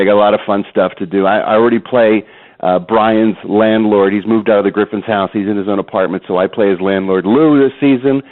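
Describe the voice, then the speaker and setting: On a tinny phone line, a man with a fairly low voice is interviewed by phone about voice acting and impressions. He's a guest voice actor and impressionist who talks animatedly, cracks jokes and keeps slipping into impressions.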